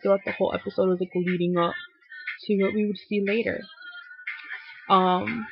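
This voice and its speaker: Young woman, chatty recap vlog, lots of fillers, slightly low voice, dull faint-hiss recording. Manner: chatty, many fillers, swears casually. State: feeling unwell, a little low. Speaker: TV recap vlogger. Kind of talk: casual episode recap.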